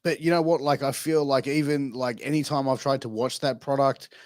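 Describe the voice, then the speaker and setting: A man's voice: mid-range voice, steady tone, brisk, dry recording. Profane, laid-back male podcast host. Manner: profane, storytelling. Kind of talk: casual podcast chat.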